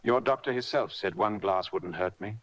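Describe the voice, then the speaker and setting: A man voicing a sick old sea captain who talks in rough sailor slang, pleading and blustering by turns. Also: lowish voice, normal speed, natural voice, rough recording. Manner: gruff, wheedling sailor talk. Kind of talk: audiobook character reading.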